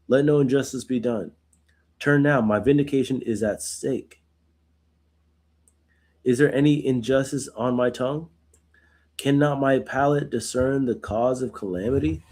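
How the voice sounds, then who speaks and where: A man with a mid-range, darkish voice leads a Bible study. He reads scripture aloud, then explains it informally, frequently asking "right?"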